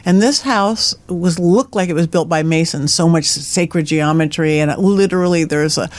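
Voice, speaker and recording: A woman's voice: fairly low pitch, moderate pace, darkish tone, no room sound. A middle-aged woman, a psychic medium guest on a podcast, telling ghost stories with energy and laughing at her own lines. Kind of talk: animated storytelling in conversation.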